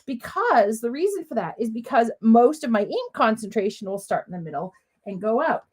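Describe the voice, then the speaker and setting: A woman's voice: on the high side, very animated, normal speed, darkish tone, slightly rough. A middle-aged woman demonstrating papercrafts live from her home craft room, talking in a chatty, bubbly way, a little sniffly with a cough.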